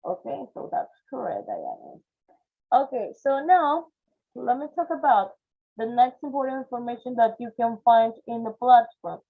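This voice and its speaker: A woman's voice: fairly high pitch, sing-song, normal speed, gravelly. A woman teaching a phonetics class online, explaining step by step and checking in with "okay?", with Spanish as her first language. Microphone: video call. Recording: tinny phone-like video call audio.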